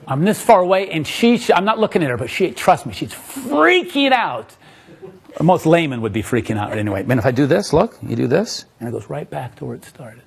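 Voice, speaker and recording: A man's voice: on the high side, gravelly, slightly rough. A man giving a live magic lecture, playful and joking with the audience as he demonstrates tricks.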